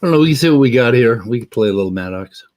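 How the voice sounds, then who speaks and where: A man's voice: medium pitch, lively intonation, rapid-fire, darkish tone. A man hosting a livestream, chatting in a laid-back, plain-spoken way. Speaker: livestream host. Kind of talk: casual chat.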